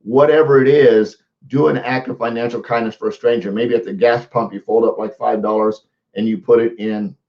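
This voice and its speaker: A man's voice: medium pitch, steady tone, brisk, dull audio. A man coaching viewers in a casual live social media talk, often repeating words and restarting his sentences. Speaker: motivational coach.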